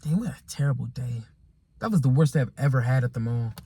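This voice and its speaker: A man's voice: medium pitch, animated, fast, dark tone, breathy edge, no echo. A young man vlogging a casual storytime monologue, rambling and repeating himself with exasperation and slang.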